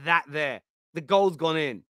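A man's voice: on the high side, expressive, a little slow, fairly bright tone, no echo, studio quality. A man hosting a football reaction show, mocking the clips and laughing often. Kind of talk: casual reaction chat.

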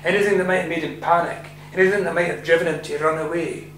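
A man's voice: a little high, fairly even intonation, fast, a bit bright, close to an everyday voice. A man doing a persistent Scottish police sergeant. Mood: probing. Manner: persistent, plain questioning. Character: gruff middle-aged male police sergeant, probing. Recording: echoey room with faint hum.

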